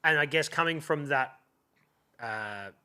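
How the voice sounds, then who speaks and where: Male host, slightly high pitch, halting casual interviewer. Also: sharp tone, smooth. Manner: halting, restarts questions. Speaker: podcast host.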